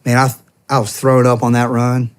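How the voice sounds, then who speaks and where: A man's voice: medium pitch, monotone, brisk, smooth. A man in his thirties from the United States, a former soldier telling a long casual story in an interview, full of "I'm like" and quoted back-and-forth. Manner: rambling, heavy on "I'm like" and quoted dialogue. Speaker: podcast guest, former soldier and police officer.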